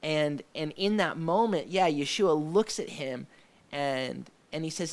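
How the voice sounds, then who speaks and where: A man's voice: fairly high pitch, slow, vocal fry. A man hosting a casual live faith discussion, speaking with many fillers and restarts and sounding keen about the scenes he recalls. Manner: enthusiastic about the scenes he describes. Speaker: host of a faith discussion show.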